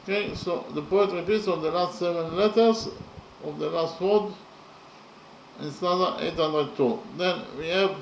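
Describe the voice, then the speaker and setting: A man explaining verse slowly and methodically, counting syllables and letters aloud with many pauses. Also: sits high, vocal fry, roomy sound, a little hiss or hum, rough recording. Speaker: poetry lecturer. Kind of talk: methodical spoken analysis of verse.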